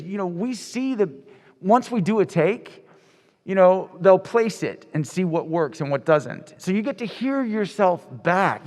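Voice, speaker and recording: Thoughtful man, hesitant, in a hall. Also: a little high. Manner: thoughtful, hesitant, many ums and restarts. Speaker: voice actor on a convention panel. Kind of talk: reflective panel talk. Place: convention panel room. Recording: reverberant convention hall.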